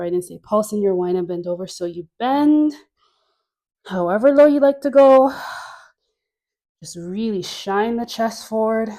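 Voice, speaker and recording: A woman with a lilt leads a dance workout, calling out each move slowly and deliberately. Her voice sits in a middle register, and she sighs and laughs between cues, slightly out of breath from dancing. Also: mid-range voice, mellow. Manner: slow, breathy cueing with frequent laughs and sighs. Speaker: dance instructor. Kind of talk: cueing a dance workout class.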